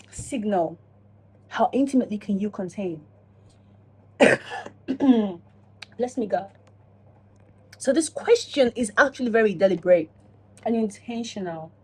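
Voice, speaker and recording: High, husky-voiced woman vlogger, animated and profane, talks through her own inner dialogue. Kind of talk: casual self-reflection monologue.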